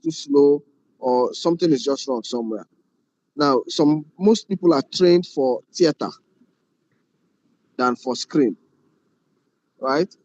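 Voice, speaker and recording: A man's voice: medium pitch, darkish tone, no echo, muffled recording. A man lecturing a film class on directing, often repeating phrases and asking rhetorical questions.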